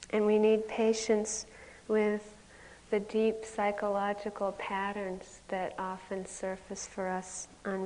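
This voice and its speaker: Slow-talking woman teacher in a reverberant hall. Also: mid-range voice, a little mellow, a little hiss or hum. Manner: candid, self-mocking storytelling that often breaks into laughter. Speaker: meditation teacher. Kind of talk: dharma talk at a retreat. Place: retreat center meditation hall.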